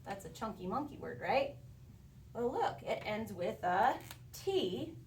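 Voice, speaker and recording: A woman telling a playful phonics story and lesson to young children in an animated, sing-song teacher voice. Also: a little high, measured pace, distant mic. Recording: roomy sound from a bit off the mic, faint background hiss.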